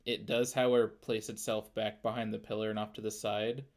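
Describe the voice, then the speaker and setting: A man's voice: on the low side, little pitch movement, a little fast. A man narrating as game master, loose and full of fillers. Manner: loose, filler-heavy descriptions.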